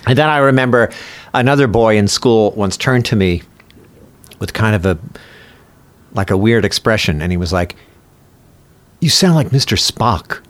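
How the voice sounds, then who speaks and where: A man speaking as a guest in a casual conversation, with a precise, measured way of talking and thoughtful, rambling sidebars. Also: on the low side. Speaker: guest, voice actor.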